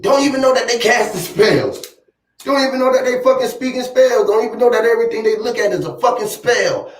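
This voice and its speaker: A man with a fairly high voice rants in a loose, boastful and profane way, circling back on his points. He sits back from the microphone, and the room rings around him. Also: recorded from a distance. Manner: boastful, profane, rambling and emphatic. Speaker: vlogger. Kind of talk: casual rant to camera. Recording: roomy echo, off-mic.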